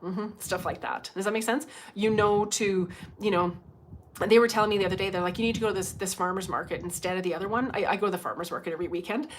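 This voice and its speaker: A woman talking casually on a livestream as a psychic medium, telling stories in a chatty, animated way and chatting with her viewers. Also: mid-range voice, fast talker, slight background noise. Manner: chatty, animated storytelling with frequent asides to viewers. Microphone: livestream microphone.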